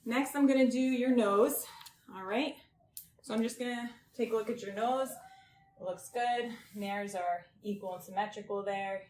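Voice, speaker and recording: A woman guiding someone through a clinical health exam step by step, gentle and reassuring, often checking in with "okay?". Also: a little high, normal speed. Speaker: examiner doing a health assessment. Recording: roomy with faint background noise.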